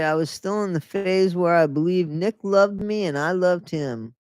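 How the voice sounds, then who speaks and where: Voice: medium pitch, darkish tone, no room sound, studio quality. A host reading a memoir aloud, breaking in with mocking, sarcastic comments and frequent laughter.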